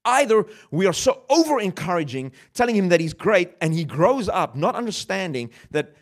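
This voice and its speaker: A man's voice: high-pitched, very animated, brisk, hardly any pauses. A male pastor preaching a sermon, talking in a conversational way, asking the audience questions and laughing at himself. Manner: conversational, with self-mocking laughs.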